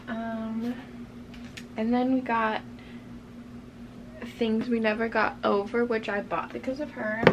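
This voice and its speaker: A book vlogger sorts a shelf in her bedroom and chats casually and enthusiastically about her books, getting sidetracked easily. Her voice is on the high side and creaky. A running fan makes the background noisy.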